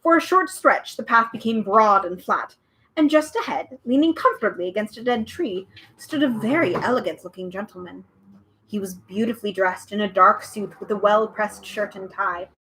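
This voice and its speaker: A woman's voice: mid-range voice, moderate pace, fairly bright tone, slight background noise, low-quality recording. A woman reading a children's book aloud at home, with chatty, bubbly asides. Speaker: storyteller.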